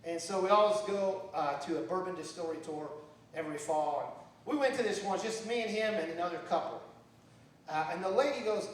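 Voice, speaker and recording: A man in his fifties with a Southern American accent, telling wry stand-up stories with a high, lively voice that swings up and down. He is heard from a distance in a very echoey bar, with faint noise behind him. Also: moderate pace. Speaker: stand-up comic. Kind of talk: open mic stand-up. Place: bar at open mic night. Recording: echoey bar recorded from far off.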